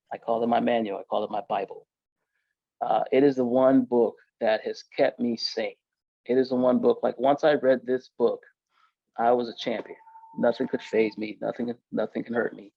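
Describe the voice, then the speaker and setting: A man's voice: mid-range voice, gravelly, dry recording, dull audio. Casual, emphatic man telling his story. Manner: casual, emphatic, filler-heavy with frequent "like" and "yo". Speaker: podcast guest. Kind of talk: storytelling in an interview.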